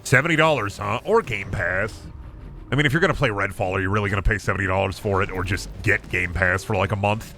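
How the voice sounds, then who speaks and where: A man's voice: lowish voice, quick pace, bright, forceful tone, soft background music. A man streaming a video game, chatting and swearing casually, often with an upward inflection. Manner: chatty, rambling, swears freely. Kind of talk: casual gameplay commentary.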